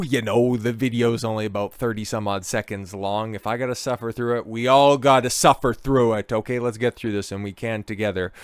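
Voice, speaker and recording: A man's voice: fairly low pitch, smooth, no room sound, clean studio sound. A man hosting a reaction commentary who talks in a sarcastic, mocking and often profane way, checking in with "okay?" as he goes. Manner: repeats "okay?" and "right?" at the ends of phrases. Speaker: commentary host.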